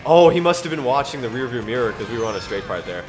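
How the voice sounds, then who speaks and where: A man's voice: mid-range voice, very animated, fast, music in the background. A man streaming a racing game, chatting jokily and breaking into mock-archaic phrasing and scripture reading. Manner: playful, jokey, slips into mock-archaic phrasing. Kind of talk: casual gameplay stream chat with scripture reading.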